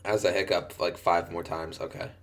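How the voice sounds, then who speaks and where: A man's voice: deep voice, flat delivery, normal speed. A young man doing casual, profane gameplay commentary while hiccuping, breaking into exaggerated yelps. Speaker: gaming commentator.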